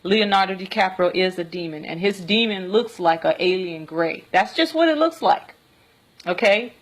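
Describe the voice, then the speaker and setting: A woman telling a personal story in a vlog, earnest and rambling, often pausing to check in with "okay?". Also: mid-range voice, expressive. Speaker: vlogger.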